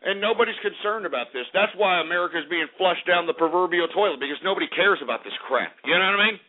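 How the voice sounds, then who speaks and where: A man with a high, tight voice rants as the host of a call-in radio show, cursing and insulting his audience. The sound is thin and tinny, like a phone line. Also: expressive, fast talker. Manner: angry, ranting, profane and insulting.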